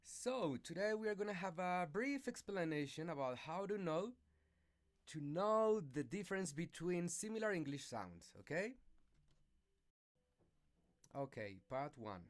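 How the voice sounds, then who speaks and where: A man whose first language is Spanish, giving a slow, careful pronunciation lesson with many hesitations and checks of "okay". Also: fairly high pitch, sing-song.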